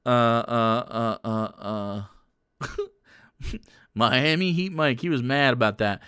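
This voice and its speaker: A male streamer talks to his chat in a crude, combative rant full of sarcastic jabs. His voice sounds smooth and clear, close and dry with no room echo. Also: medium pitch, animated, measured pace, fairly bright tone. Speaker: livestreamer. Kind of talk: casual livestream rant to chat.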